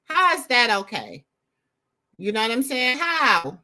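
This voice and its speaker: In an unhurried, sing-song voice that sits on the high side, this Southern-drawling, middle-aged host reacts to viewer comments. She sounds bright and forceful as she rambles, leans on slang, and speaks right to her viewers.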